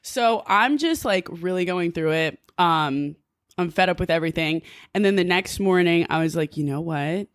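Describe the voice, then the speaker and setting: A woman from New Jersey, a podcast guest, telling a story in a casual, animated way, full of "like" and quick laughs. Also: fairly low pitch, clear, resonant tone, no room sound, clean studio sound. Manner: animated, filler-heavy with frequent "like", laughs often.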